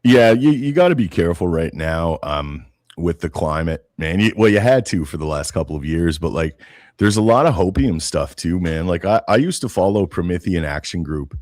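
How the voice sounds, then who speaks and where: A man's voice: deep voice, expressive, normal speed, darkish tone, no room sound, studio quality. A man co-hosting a podcast, talking politics casually, often saying "man" and retelling events with animation. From Canada. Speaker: podcast co-host.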